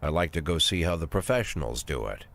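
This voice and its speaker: An actor playing a cynical police chief in his sixties, narrating a game with dry, world-weary calm. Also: very deep voice, a little fast, very noisy. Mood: sardonic. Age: 60s.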